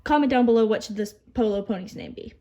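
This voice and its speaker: A woman's voice: fairly high pitch, fast talker, dull audio. Chatty young woman touring her collection. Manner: chatty and upbeat, trails off softly on asides; occasional stutters and restarts. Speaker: model horse collector. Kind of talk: casual collection tour vlog.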